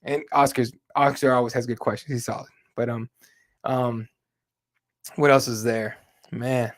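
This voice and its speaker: A man's voice: mid-range voice, level tone, unhurried. A man hosting a casual live chat show, talking loosely with plenty of fillers and free swearing. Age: adult with kids. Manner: loose and conversational, swears freely, many fillers. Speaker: host.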